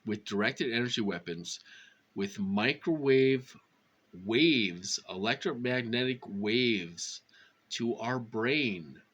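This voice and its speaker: A man rambling casually to his viewers, full of fillers and repeated phrases, his voice jumping high when he acts out what others said. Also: a bit bright. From Minnesota. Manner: rambling, with many fillers and repetitions. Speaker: vlogger. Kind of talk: casual monologue to camera.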